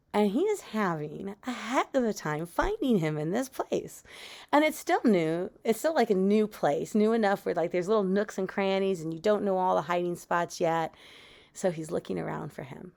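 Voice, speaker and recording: A young adult woman telling a spooky story in a casual, chatty way, sinking to a hushed whisper at the scary parts. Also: lowish voice, creaky. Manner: conversational, with fillers, dropping to a whisper at tense moments.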